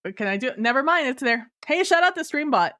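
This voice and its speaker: A woman's voice: high voice, lively intonation, quick pace, sharp tone. A woman livestreamer chatting casually with viewers at her home computer, laughing often and apologizing, with lots of fillers and restarts. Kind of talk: casual stream chat reading viewer messages.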